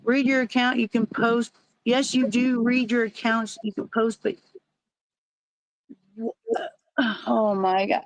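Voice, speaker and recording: High-voiced woman, stammering and defensive. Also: little pitch movement, slow, long pauses, dry recording, low-quality recording. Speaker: stream panelist. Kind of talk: heated live-stream argument.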